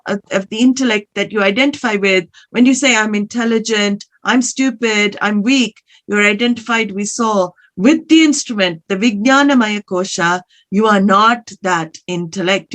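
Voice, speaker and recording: Female Vedanta teacher, fairly high voice, patient questioning delivery. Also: fairly bright tone. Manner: questioning, repetitive explanation with Sanskrit terms. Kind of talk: spoken scripture lesson.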